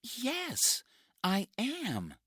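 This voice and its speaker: A man's voice: very high-pitched, huge pitch swings, drawn-out words, sharp tone, breathy edge, no room sound, clean studio sound, pitched above the performer's own voice, heavily acted. A man voicing a frightened, injured young woman in a storybook reading, with pleading, breathless cries. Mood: weak, grateful.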